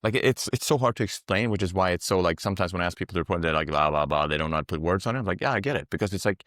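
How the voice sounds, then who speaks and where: Fast-talking man rambling in metaphors. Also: sits low, a bit bright, no room sound, clean studio sound. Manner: rambling, explains through metaphors; swears freely. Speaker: psychedelic guide. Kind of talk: casual podcast conversation.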